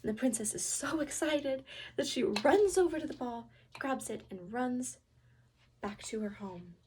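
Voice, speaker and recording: A student storyteller, a woman, reading a fairy tale aloud with expressive delivery and whispered sound effects. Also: high-pitched, measured pace, a little hiss or hum.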